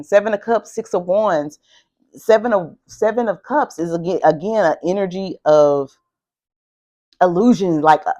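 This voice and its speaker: Excitable woman reading tarot cards. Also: on the low side. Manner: excitable, emphatic and heavily profane. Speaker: tarot reader. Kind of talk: casual tarot card reading.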